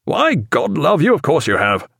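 A jovial captain of a sailing warship, all booming enthusiasm and old-fashioned turns of phrase, as a man puts him on in a story reading. His voice leaps up and down with animated energy. The sound is close and dry. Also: normal speed, no echo. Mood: hearty. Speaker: ship's captain.

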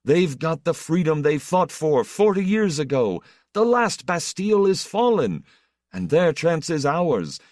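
A man's voice: on the high side, very animated, a little slow, darkish tone, dry recording, studio quality, pitched above the performer's own voice. A man voicing a male orator declaiming to a crowd in a big, slurring voice. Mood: rousing.

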